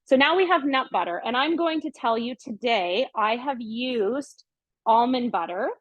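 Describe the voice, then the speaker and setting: Chatty upbeat woman, cooking show host, high-ish voice, dry dull lo-fi sound. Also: lively intonation, normal speed, no echo. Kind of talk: casual cooking demonstration. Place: home kitchen.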